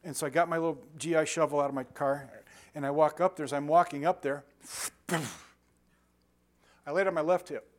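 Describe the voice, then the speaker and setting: An older man delivers a sermon in a somewhat raised pitch. He moves between scripture and loose personal anecdotes, often restarting his sentences and chuckling at himself. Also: fairly even intonation, fast talker. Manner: conversational storytelling with frequent restarts and laughter. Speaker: pastor.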